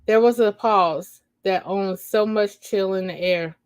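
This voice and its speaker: On a livestream, a woman with a clean, medium-pitched voice slowly reads her own story aloud. She often breaks off to laugh and chat with viewers, using slang and saying "y'all."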